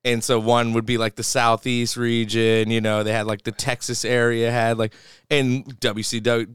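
A man's voice: medium pitch, flat delivery, moderate pace, fairly bright tone, clean tone, no room sound, studio quality. A man co-hosting a podcast in loose, profane, laughing casual chat. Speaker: podcast co-host.

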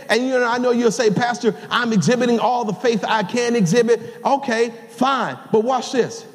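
An older man preaching a sermon as pastor, folksy and storytelling, rising to shouts at the high points. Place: large church sanctuary. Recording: live church sound with long hall reverb.

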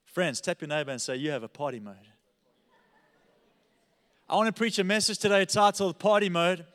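A male pastor preaching a sermon, telling a story with animated energy and often checking in with "all right?". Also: high-pitched, clean tone, big-room sound.

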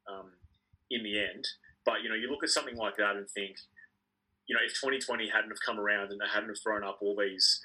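Co-host: man, low and husky, bright-edged tone, thoughtful and hesitant delivery. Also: rough recording. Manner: hesitant, thoughtful, many ums. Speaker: podcast co-host. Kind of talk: casual sports podcast chat.

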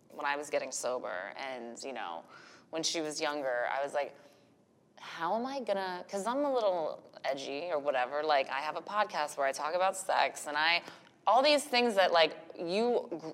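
Low-pitched woman guest, blunt and profane, lively storyteller; long room reverb. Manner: frank, profane, animated storytelling. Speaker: podcast guest, business owner and mother. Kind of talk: candid casual interview talk.

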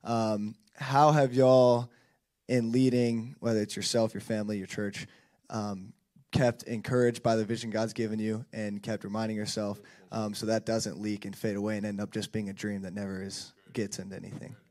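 A man with a lowish voice moderates a church panel. He asks questions casually, with a joking edge. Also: level tone, moderate pace, darkish tone.

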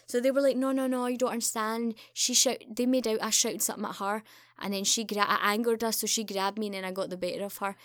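A woman's voice: quick pace, dry recording, clean studio sound. A young woman telling a story in casual chat, acting out the quoted lines with a lifted voice. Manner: animated, acts out quoted dialogue with raised pitch. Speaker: podcast guest.

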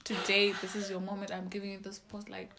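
A woman's voice: medium pitch, completely flat delivery, quick pace, background noise. A woman hosting a casual chat podcast, teasing and hyping up her co-host.

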